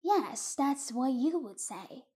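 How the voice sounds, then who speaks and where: A woman's voice: high voice, expressive, slow, a little mellow, husky, heavily acted. A woman voicing Mrs Garner, a stern but kindly farm mother, in an audiobook reading. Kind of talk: audiobook reading of a short story.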